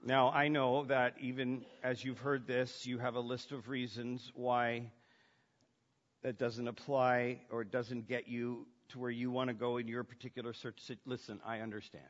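A man preaching a sermon, shifting between hushed, intimate lines and loud, emphatic ones. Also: medium pitch, little pitch movement, a little slow. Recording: dull sound with long hall reverb.

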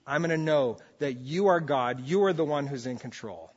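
A man's voice: on the high side, animated, moderate pace, slightly rough, highs cut off. Impassioned male preacher in a reverberant hall. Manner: impassioned preaching, swings from loud to soft. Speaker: pastor. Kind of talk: sermon.

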